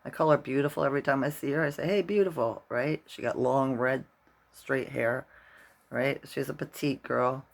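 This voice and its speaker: A man's voice: medium pitch, flat delivery, normal speed, vocal fry. A middle-aged man vlogging casually, rambling through a story and tagging his sentences with "right?".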